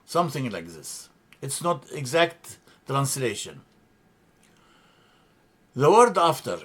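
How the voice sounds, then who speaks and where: Slow, halting male teacher. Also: medium pitch, a bit bright. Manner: halting, many fillers and restarts, spells out words. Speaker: language teacher. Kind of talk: slow grammar lesson.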